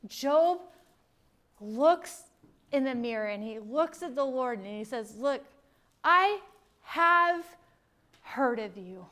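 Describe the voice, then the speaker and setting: High-voiced woman preaching slowly. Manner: emphatic, dramatic swings between loud and hushed. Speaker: Bible teacher. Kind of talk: sermon.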